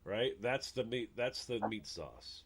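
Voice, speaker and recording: A male radio host chatting casually with a guest, his pitch swinging widely as he jokes. He laughs at his own puns and often stammers and restarts his sentences. His talk rises and falls with a lively, animated pitch. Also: unhurried, breathy edge.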